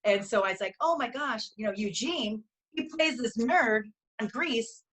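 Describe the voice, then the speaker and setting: A middle-aged woman talks a bit higher than most women. She tells long, rambling stories, effusive and often trailing off mid-sentence. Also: animated, moderate pace, fairly bright tone. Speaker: talk show co-host. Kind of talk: casual chat.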